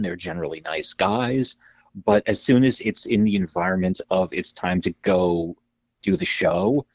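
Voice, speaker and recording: Male podcast co-host, low pitch, husky, animated storyteller, casual and profane. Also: no room sound, dull audio. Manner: animated storyteller, acts out quotes, swears freely.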